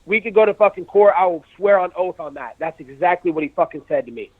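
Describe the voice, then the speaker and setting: Brash fighter in his thirties, trash-talking by phone, high voice, tinny and dry line. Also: lively intonation, fast talker, no echo. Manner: brash, profane trash talk; acts out quotes in raised voice. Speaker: MMA fighter, guest. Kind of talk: phone interview.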